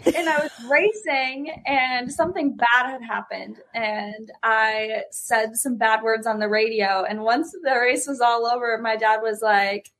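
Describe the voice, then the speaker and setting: A woman's voice: fairly high pitch, fairly even intonation, a little slow, fairly bright tone, slight background noise, poor audio. Giggly young woman race driver. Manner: giggly, candid. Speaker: race car driver guest. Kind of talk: interview chat.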